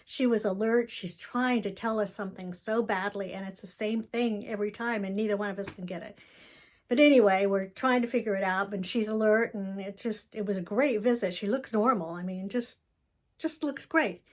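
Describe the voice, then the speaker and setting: A woman's voice: medium pitch, normal speed. Candid woman giving a personal update. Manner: candid, rambling, emotional storytelling. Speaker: vlogger giving a family update. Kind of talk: casual personal video update.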